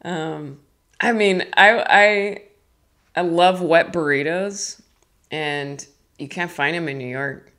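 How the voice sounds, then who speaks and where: A woman's voice: fairly low pitch, takes it slowly, fairly bright tone. A woman in her thirties, a comedian, chatting casually on a live stream in a rambling, self-deprecating, giggly way. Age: 30s.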